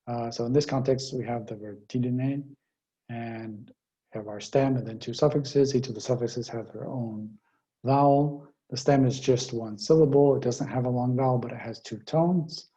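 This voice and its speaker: A man's voice: mid-range voice, fairly even intonation, moderate pace, warm tone, highs cut off. A man giving a linguistics lecture, explaining step by step with frequent fillers over a remote call.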